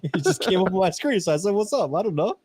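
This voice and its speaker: A man's voice: sits high, very animated, fast talker, a little mellow, slightly rough, no room sound. A man co-hosting a casual live-streamed podcast, talkative and often ending his points with a question for agreement. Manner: talkative, ends points with "right?". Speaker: podcast co-host.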